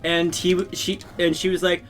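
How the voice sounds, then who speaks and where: A man's voice: high-pitched, flat delivery, moderate pace, fairly bright tone, faint music behind. A man chatting casually while playing a video game, rambling through a family story, swearing freely and laughing often. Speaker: host.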